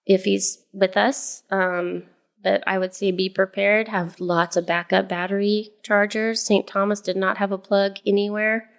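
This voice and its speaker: Gravelly-voiced woman telling a story. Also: mid-range voice, flat delivery, measured pace. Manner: storytelling with many fillers and restarts. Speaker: podcast co-host, mother. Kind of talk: casual chat.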